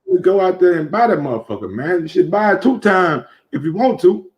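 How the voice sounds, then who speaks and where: A man's voice: high-pitched, expressive, fast talker, highs cut off. A man hosting a casual boxing talk show, talking loosely with many restarts and profanity. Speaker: show host.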